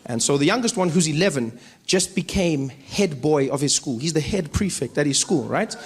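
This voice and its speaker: A man doing stand-up comedy on a stage, animated and acting out voices and sounds. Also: a little high, moderate pace, husky. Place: comedy stage before audience.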